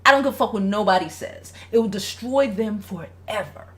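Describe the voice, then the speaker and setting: A woman hosts a casual relationship advice livestream, reading viewer comments aloud and speaking bluntly with lots of swearing. Her medium-pitched voice is expressive and brisk, with a slightly bright quality.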